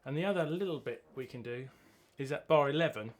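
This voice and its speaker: A man's voice: medium pitch, animated, fairly quick. A man teaching a drum lesson, chanting rhythm words as he plays. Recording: loud drumming behind the voice. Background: drum kit playing.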